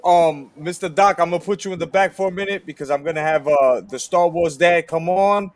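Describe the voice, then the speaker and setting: A man's voice: a little high, fairly quick. A man hosting a call-in show, moving callers along with brief, laid-back remarks. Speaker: show host.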